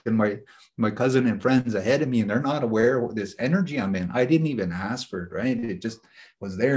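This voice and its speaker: A man's voice: mid-range voice, darkish tone. A man leading a group session as a spiritual teacher, talking casually and earnestly, telling personal stories with frequent restarts. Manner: rambling, earnest, frequent "you know" and restarts.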